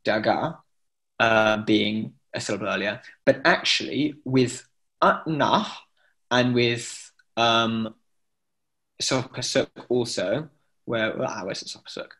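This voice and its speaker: Male chant teacher on a video call, mid-pitched, explains patiently with fillers and sung examples. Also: slow pace, fairly bright tone. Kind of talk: online class instruction.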